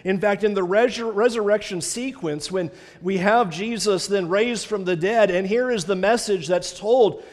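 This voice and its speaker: Male preacher, high-pitched, dramatic and earnest in delivery, long hall echo. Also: normal speed, few pauses. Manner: earnest preaching, dramatic retelling with rising intensity. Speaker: pastor. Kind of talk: sermon.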